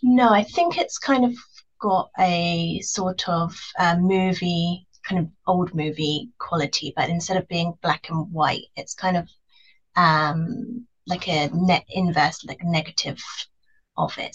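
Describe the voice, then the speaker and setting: A woman at a tabletop game explains her moves slowly and thoughtfully, with a fairly low voice. Her audio sounds dull and muffled. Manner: thoughtful, hesitant explaining with fillers. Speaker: player. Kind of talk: casual tabletop play.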